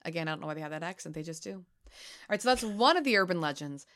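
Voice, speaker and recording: A woman co-hosting a casual podcast, reading spooky legends aloud in a playful, giggly way with dramatic pauses. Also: on the low side, expressive, fairly bright tone. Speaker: podcast co-host.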